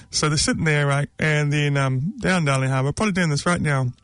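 A man's voice: on the high side, fairly even intonation, brisk, hardly any pauses, fairly bright tone, dry recording. Rambling, joking man. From New Zealand. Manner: rambling, joking, mocking, with frequent filler words. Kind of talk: casual opinion monologue.

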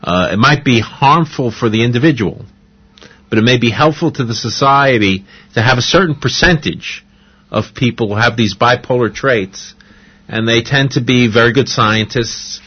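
Husky guy on the radio, low voice, thoughtful, kinda muffled. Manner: measured, thoughtful, with fillers. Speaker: radio guest. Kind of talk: casual radio interview. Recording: dull radio audio.

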